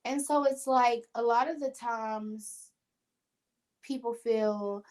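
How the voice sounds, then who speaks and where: A woman's voice: on the high side, slow pace, darkish tone. A woman hosting a casual talk show as a spiritual medium, telling earnest, emotional stories and quoting the voices of others. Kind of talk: casual podcast conversation.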